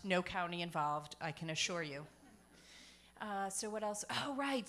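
A woman's voice: medium pitch, pushed and bright. A woman performing a stand-up comedy set on a comedy club stage, chatty and self-deprecating with punchline-driven timing.

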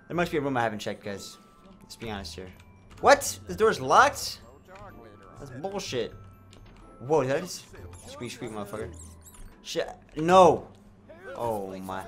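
An excitable young man narrates his gameplay with crude jokes and a wildly swinging voice that jumps from low mutters to sudden high squeals. Faint music plays behind him. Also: unhurried, long pauses. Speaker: gameplay streamer. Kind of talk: comedic let's play commentary.

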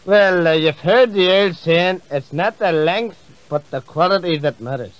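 Man as a crude bragging Northern Irish politician, lowish, muffled recording. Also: a little slow, dry recording. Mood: boastful. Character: boastful crude male politician. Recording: muffled comedy CD.

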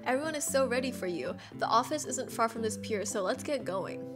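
A woman's voice: fairly high pitch, expressive, a little fast, lightly acted. A woman reading out the lines of a cheerful young male animal coworker from a video game, over game music. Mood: upbeat. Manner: reading game dialogue aloud.

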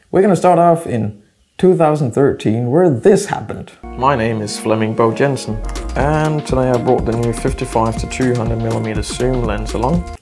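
A man's voice: mid-range voice, vocal fry, warm tone. A middle-aged man, hosting his vlog in a chatty, self-mocking way. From Denmark. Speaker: photographer and video host. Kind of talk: casual vlog intro.

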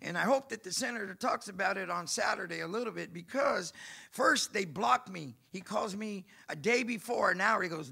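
A man preaching and giving his testimony, telling his story animatedly and acting out the dialogue with bursts of shouting. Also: high voice, normal speed, vocal fry, slightly rough. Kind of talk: sermon testimony.

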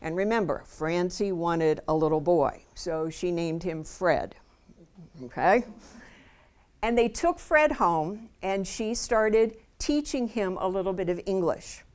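A woman's voice: on the low side, slow, a little mellow. A woman speaking at a school visit, telling a true story to students in an earnest, vivid way and addressing them directly. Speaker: Holocaust education speaker. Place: school assembly room.

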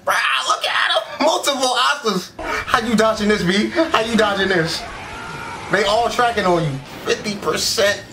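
A man giving casual, excitable reaction commentary as an anime reaction YouTuber, full of slang and quick exclamations. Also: high voice, noisy background. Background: anime episode audio with music.

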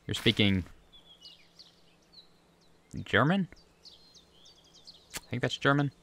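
A man's voice: fairly low pitch, fairly bright tone, a little hiss or hum. A man chatting casually and rambling through gameplay commentary at his home desk, talking to the fish on screen. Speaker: gaming video creator. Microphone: USB desk microphone.

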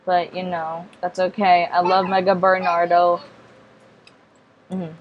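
A woman's voice: on the low side, little pitch movement, takes it slowly, highs cut off, slight background noise. A woman vlogging casual game commentary, hesitant and rambling, with many fillers, restarts and polite apologies. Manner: hesitant and rambling, many ums and self-corrections; apologetic, repeats polite refusals. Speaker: gaming vlogger.

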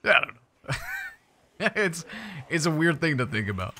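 A man's voice: on the high side, wildly swooping pitch, measured pace, sharp tone, slight background noise. A young man giving casual, playful commentary while playing a survival game, chatting to his viewers with jokey asides. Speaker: gaming YouTuber.

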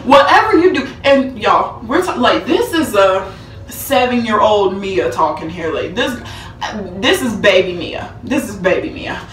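Animated young woman telling a storytime. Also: medium pitch, unhurried, echoey room, distant mic, slight background noise. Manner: animated, dramatic retelling with acted-out quotes and laughter. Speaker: vlogger. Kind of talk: storytime vlog.

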